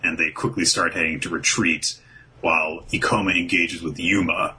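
Deep-voiced man casually recapping a story. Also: normal speed, husky, low-quality recording. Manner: animated, acts out characters' lines with laughs. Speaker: podcast host recapping a manga. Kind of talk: casual chat.

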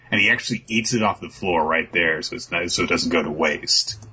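A man's voice: deep voice, fairly quick, pushed and bright, slightly rough. A man recapping a story in casual, rambling talk, swearing and acting out the lines of each figure. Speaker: podcast host.

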